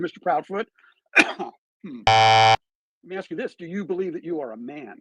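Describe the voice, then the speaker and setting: A man talks through true crime on a live stream, emphatic and piling on rhetorical questions. His voice sits high and swings widely in pitch, with a slightly husky edge. The sound is dry, with little room echo. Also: lively intonation, normal speed, fairly bright tone. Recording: played back from a live stream.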